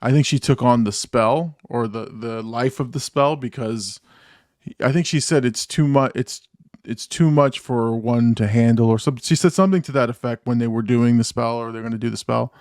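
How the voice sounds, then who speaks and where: A man's voice: medium pitch, normal speed, darkish tone, no echo, studio quality. A man co-hosting a reaction show, talking casually and rambling with many restarts and fillers. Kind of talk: casual chat.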